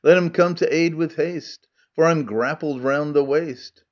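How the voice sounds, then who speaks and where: A man's voice: fairly high pitch, measured pace, a little mellow, lo-fi sound, lightly acted. A man voicing a hostile chorus of old men that threatens and calls for help in declaimed verse. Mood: pleading.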